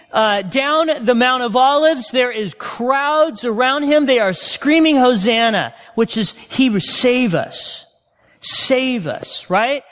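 High-voiced male pastor in a reverberant hall. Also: a bit bright. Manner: conversational, asks the audience questions. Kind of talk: sermon.

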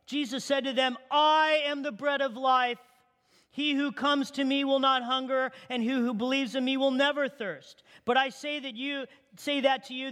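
A man preaching a sermon, reading scripture aloud with animated energy. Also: very high-pitched. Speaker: pastor. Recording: long hall reverb.

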